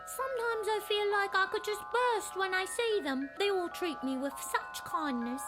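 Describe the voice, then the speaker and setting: A woman's voice: very high voice, moderate pace, music in the background. A woman voicing a tiny, poor, earnest goblin boy with a rustic way of talking in a video game. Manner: coughing, earnest, rustic "me dad and me mum".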